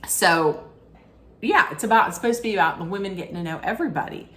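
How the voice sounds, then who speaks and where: A middle-aged woman recapping a reality show in a casual, rambling way, often correcting herself mid-sentence and throwing in animated asides. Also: medium pitch, quick pace. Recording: echoey room with faint ambience.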